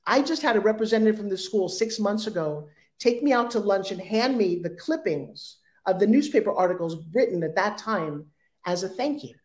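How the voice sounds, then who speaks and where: Animated Long Island woman telling stories. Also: mid-range voice, normal speed. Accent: Long Island New York. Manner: animated, acts out voices in her stories. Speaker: guest. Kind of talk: storytelling in an interview.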